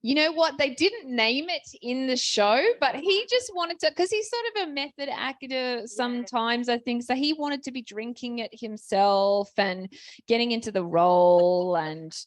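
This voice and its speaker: A woman's voice: a little high, unhurried, dry recording. A woman author speaking on a festival panel, telling stories in a chatty way with many restarts.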